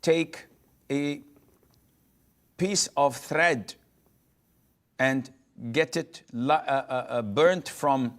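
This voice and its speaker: A man giving a religious lecture, speaking haltingly in a clip that is played back. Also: mid-range voice. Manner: slow, halting delivery.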